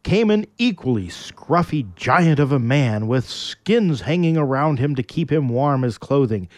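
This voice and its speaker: A man narrating a myth in a playful, very animated storytelling manner. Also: medium pitch, unhurried, no echo, clean studio sound.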